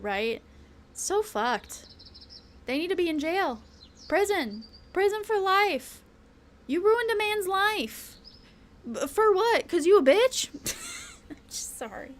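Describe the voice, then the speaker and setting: A woman streaming a game, ranting in casual chat, blunt and rambling, swearing often and laughing between lines. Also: on the high side. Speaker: VTuber streamer. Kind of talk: casual live-stream rant while gaming.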